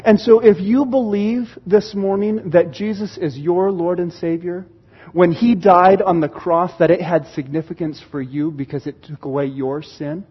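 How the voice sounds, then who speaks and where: A man preaching a sermon in church, telling stories with animated, excited reactions. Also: high-pitched, normal speed, slightly rough, lo-fi sound. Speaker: pastor. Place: church sanctuary.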